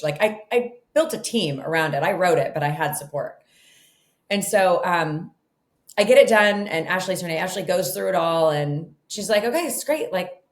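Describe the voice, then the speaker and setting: This is a deep-voiced middle-aged woman appearing as a guest author, sharing her story in an informal interview. Her delivery is lively and conversational, peppered with "like" and "you know," captured in an echoey room.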